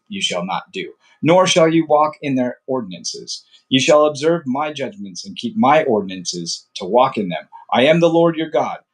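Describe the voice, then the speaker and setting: A man reading scripture aloud in a steady, measured way, with occasional slips and restarts and brief casual asides. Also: medium pitch. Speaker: Bible reader.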